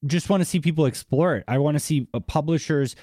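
Talking fast in a fairly high, mellow voice, a Boston man chats as an interview guest, frequently tacking "like" and "right?" onto his thoughts. The sound is clean studio audio with no room sound.

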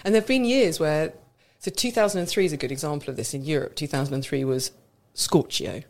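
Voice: medium pitch, fast. A co-host who explains wine knowledgeably in casual radio chat. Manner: knowledgeable, explanatory, warmly enthusiastic.

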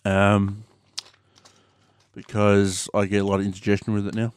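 This is a casual to-camera chat from a male Australian vlogger, slangy, laid-back and heavy on fillers as he rambles. The lowish, smooth voice is completely flat and moves at normal speed. Clean studio sound without echo.

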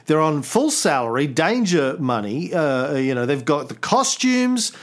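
A man co-hosting a podcast, riffing crudely and comically about art history. His voice sits a little high and swings widely in pitch. He keeps joking and slipping into silly impressions. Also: sing-song, unhurried. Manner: profane, riffing, slips into impressions. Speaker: podcast co-host.

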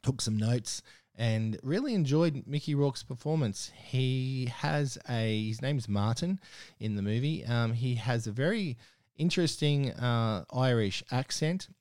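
A man's voice: mid-range voice, unhurried, a little mellow, dry recording, studio quality. A man hosting a podcast, casually reviewing a film in a chatty way with frequent fillers and restarts. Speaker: podcast host.

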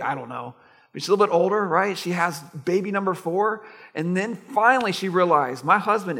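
A man preaches in a lively, conversational way, often turning to the congregation with asides. His voice sits a little high and carries a slight husk. A long reverb hangs on every phrase, as in a large hall. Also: creaky, husky. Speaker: pastor. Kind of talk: sermon.

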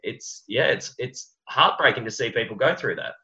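Man, reflective, halting, bright voice, muffled lo-fi. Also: mid-range voice, animated. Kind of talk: casual podcast chat. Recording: dull lo-fi recording.

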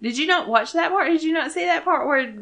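A woman's voice: high voice, a little fast, creaky, a bit bright. A woman co-hosting a casual fan podcast, talking animatedly, swearing freely and acting out characters' lines. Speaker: podcast co-host.

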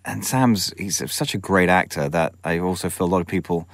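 A man, a film director, telling frank, animated anecdotes in an interview and acting out other people's voices. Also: sits low, fairly quick, no echo, studio quality. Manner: lively storyteller who acts out the voices of others; frank, with swearing and self-corrections.

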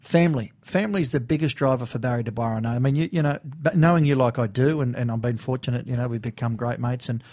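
A man's voice: mid-range voice, quick pace, hardly any pauses, a little mellow. A man hosting a podcast interview in a studio, effusive and enthusiastic with his guest. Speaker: podcast host. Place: radio studio.

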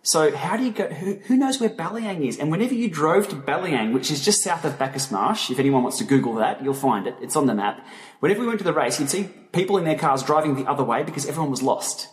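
A man's voice: on the high side, fast. Chatty middle-aged Australian man, echoey room. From Melbourne, Australia. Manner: chatty storyteller, lively and animated when retelling anecdotes. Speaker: guest, cycling vlogger and racer. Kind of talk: casual interview chat. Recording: echoey room with long reverb.

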